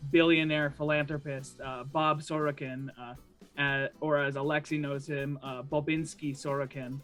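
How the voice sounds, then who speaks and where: A man improvising a tabletop adventure scene, halting often with fillers. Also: a little high, little pitch movement, fairly bright tone, faint music behind. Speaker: player.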